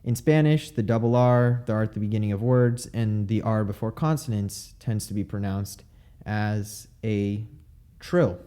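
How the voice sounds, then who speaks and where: A young man talks through speech sounds in a relaxed, unscripted way. He breaks off into "um" and "like" and says example words aloud. His voice sits low and mellow. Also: a little slow, clear, resonant tone. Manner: explanatory, frequent fillers, demonstrates pronunciations. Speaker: podcast host explaining linguistics. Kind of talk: casual educational monologue.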